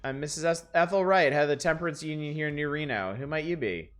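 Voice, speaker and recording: A man's voice: on the high side, fast talker, a bit bright, close to an everyday voice. A man voicing a prim, preachy older temperance lady with a sugary, condescending manner while reading game dialogue aloud.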